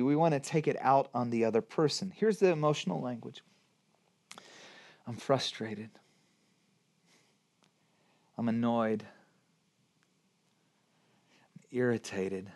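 A man preaches a sermon as pastor in an animated, emphatic style, with rhetorical questions and sudden bursts of emphasis. His voice is mid-range.

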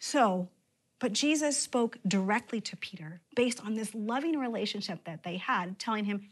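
A woman pastor preaching a sermon, with expressive emphasis and sudden drops to a near-whisper. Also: mid-range voice, moderate pace.

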